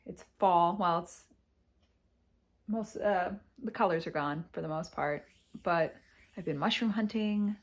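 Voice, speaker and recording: Slow, reflective woman's confessional vlog. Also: fairly low pitch. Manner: reflective, halting, sighs and pauses. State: emotional, close to tears. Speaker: vlogger. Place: her parents' house.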